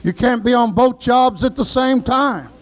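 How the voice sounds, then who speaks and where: A preacher delivers a sermon in a high-pitched voice. He tells folksy stories and breaks into shouts of praise. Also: measured pace, low-quality recording.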